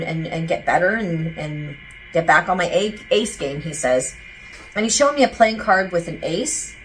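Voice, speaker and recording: A woman's voice: lowish voice, fairly bright tone, slight background noise, rough recording. A woman speaking as a psychic medium, rambling casually and relaying quotes with many fillers and restarts. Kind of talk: casual channeling monologue.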